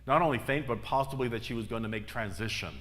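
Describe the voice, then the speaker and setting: A man's voice: mid-range voice, fast, a bit bright. A middle-aged man preaching a sermon as minister, telling stories with emphatic, repeated phrases. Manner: storytelling with emphatic repetitions. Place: church sanctuary. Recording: reverberant church hall.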